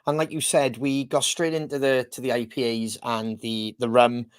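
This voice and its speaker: A man's voice: mid-range voice, level tone, normal speed, clear, resonant tone, dry recording, studio quality. A man co-hosting a podcast, chatting in a rambling, easygoing way with lots of fillers over a video call. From Wales. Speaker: podcast co-host. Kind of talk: casual chat.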